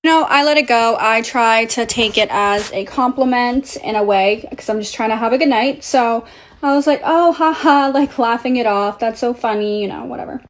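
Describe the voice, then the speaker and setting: A young woman whose first language is Portuguese, telling a casual story in a blunt, profane, animated way. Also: a little high, moderate pace.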